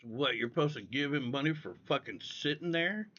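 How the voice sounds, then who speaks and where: A male streamer rants and chats in a bright, lively voice full of profanity. The sound is dull and lo-fi, like cheap stream audio. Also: medium pitch, normal speed. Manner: profane, ranting. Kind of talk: casual livestream chat.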